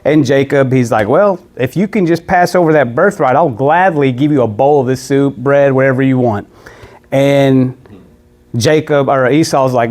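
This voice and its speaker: A man's voice: medium pitch, normal speed, a little mellow. A man preaching a casual sermon, retelling a scripture story in a conversational way and briefly acting out the characters' lines.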